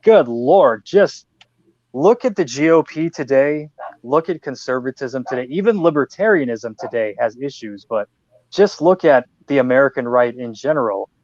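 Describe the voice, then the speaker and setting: A man hosting a podcast over a video call, chatting casually in an animated, joking, rambling way. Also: medium pitch, normal speed, lo-fi sound. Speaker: podcast host. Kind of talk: casual chat.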